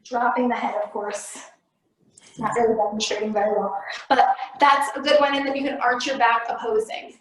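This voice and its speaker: A woman's voice: a little high, steady tone, normal speed, fairly bright tone, low-quality recording. A woman fitness coach answering questions in an upbeat, encouraging way on a video call. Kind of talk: virtual class Q&A.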